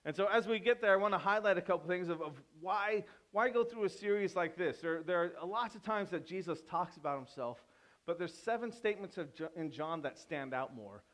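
A pastor giving a sermon in a conversational manner, teasing the congregation and turning emphatic with sudden quiet drops. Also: male voice, sits high, fairly quick. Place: church.

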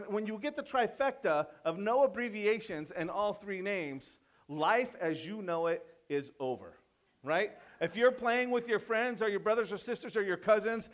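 A pastor giving a sermon in a conversational manner, teasing the congregation and turning emphatic with sudden quiet drops. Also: male voice, sits high. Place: church.

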